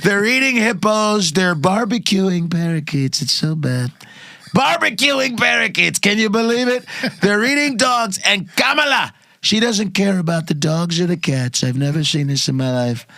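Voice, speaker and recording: A man's voice: high-pitched, lively intonation, normal speed, gravelly, bright, forceful tone, no room sound, studio quality, pitched above the performer's own voice, exaggerated voice. A man putting on a brash, rambling older male politician, repeating himself with exaggerated emphasis. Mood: ranting.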